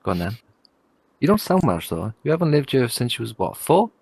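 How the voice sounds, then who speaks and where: A man's voice: mid-range voice, very animated, a little fast, gravelly, a little mellow, slightly rough, no echo. A man co-hosting a casual podcast chat, blunt and jokey as he argues his points. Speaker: podcast co-host.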